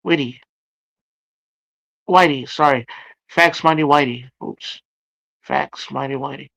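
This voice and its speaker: A man hosting a livestream, chatting casually as he reads out viewer comments and reacts to them with loud exclamations. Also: medium pitch, takes it slowly, gravelly, no echo. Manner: exclamatory, reacting aloud to chat. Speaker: livestream host.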